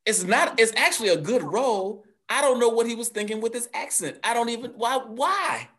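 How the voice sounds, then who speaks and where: A man co-hosting a casual movie discussion podcast, animated and laughing, swearing freely. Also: extremely high pitch, brisk. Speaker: podcast co-host.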